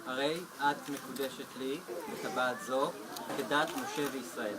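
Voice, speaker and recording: A man's voice: medium pitch, steady tone, rough recording. A man, the groom, reciting his wedding vows phrase by phrase. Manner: slow, deliberate recitation in short phrases. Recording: loud crowd of guests. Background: crowd of wedding guests.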